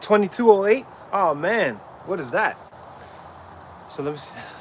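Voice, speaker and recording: A man's voice: sits high, sing-song, moderate pace, noisy background. A man livestreaming while training, chatting casually with viewers and stumbling over names as he asks questions.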